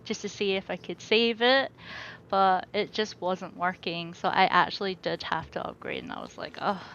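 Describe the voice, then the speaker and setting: A woman's voice: medium pitch, normal speed, fairly bright tone, dull audio, slight background noise. A Scottish woman, a streamer, talking in a casual interview, giggly and hesitant with many fillers. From Scotland. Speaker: streamer guest.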